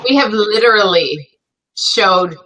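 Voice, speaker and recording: A woman's voice: mid-range voice, poor audio. An American woman with an Upper Midwestern accent, co-hosting a casual live-stream chat and telling stories with animation. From northern United States near Canada. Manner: animated storyteller, quick to laugh. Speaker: co-host.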